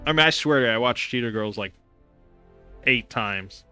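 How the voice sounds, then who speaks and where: A man's voice: mid-range voice, moderate pace, bright, forceful tone, clean tone, faint music behind. A young man hosting a casual gaming stream, rambling sarcastically with lots of fillers and restarts.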